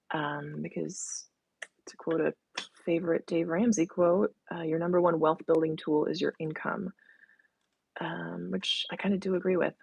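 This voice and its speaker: A woman's voice: fairly low pitch, vocal fry, slightly rough, dry recording. A young adult woman hosting a casual live stream from home, chatting and reading viewer comments aloud.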